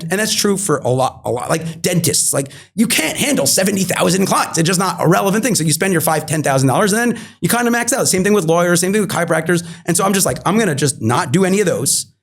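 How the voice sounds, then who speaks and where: A man in his thirties talks quickly as an interview guest, his voice sitting high. He tells his story with animation and plays out both sides of old conversations. He repeats key phrases for emphasis.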